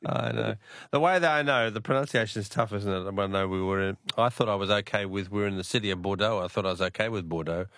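A man's voice: on the low side, fast, a bit bright, no room sound, clean studio sound. A man hosting a radio quiz, chatting easily with callers and laughing often. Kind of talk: casual radio talkback.

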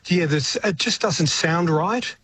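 An older man with an Australian accent rambles through a radio interview, often restarting and repeating himself. His voice sits a little high. A faint hum is heard behind him. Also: takes it slowly, fairly bright tone. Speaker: guest musician.

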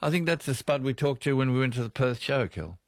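A man's voice: medium pitch, expressive, brisk, no echo. An Australian man hosting a talkback radio show, chatting loosely with callers and laughing often as he rambles through stories. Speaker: radio host.

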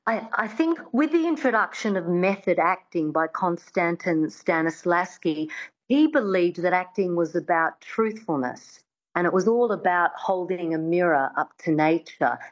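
A woman's voice: lowish voice, lively intonation, normal speed, lo-fi sound. A woman accent coach, chatty and explanatory, talking in a radio interview. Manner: chatty, explanatory, fond of filler words.

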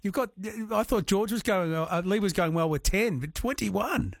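A man's voice: sits high, lively intonation, moderate pace, creaky, no echo, studio quality. A man who hosts a talkback radio show, encouraging callers and reading out listener messages. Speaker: radio host. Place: radio studio.

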